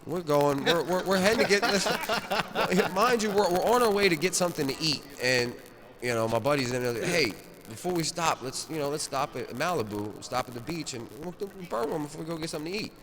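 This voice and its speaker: A man's voice: on the high side, expressive, a little fast, fairly bright tone. Rambling profane man telling a story. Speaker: storyteller at a cannabis rally. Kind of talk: animated casual storytelling. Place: large stone rotunda, indoors. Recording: echoey rotunda with crowd.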